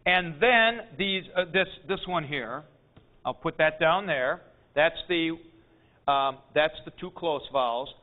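A man teaching a Greek class, explaining pronunciation in a deliberate lecture and clearing his throat often. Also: a little high. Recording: tinny phone-like lo-fi recording.

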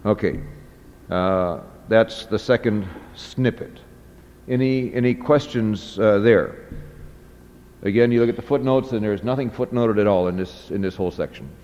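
A man teaching a class, reading a text aloud and explaining it slowly, with many fillers and restarts. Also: fairly low pitch, a little mellow. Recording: dull audio with long hall reverb.

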